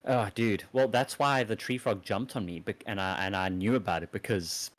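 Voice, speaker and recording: A man's voice: fairly low pitch, normal speed. A man with a South African accent, chatting casually as a guest over a voice call and telling easygoing stories. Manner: easygoing, tells anecdotes. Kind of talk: casual chat.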